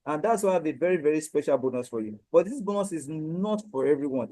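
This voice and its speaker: A man with a Nigerian accent giving a repetitive, emphatic sales pitch for his coaching program. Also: mellow, no echo, poor audio. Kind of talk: direct-to-camera sales pitch.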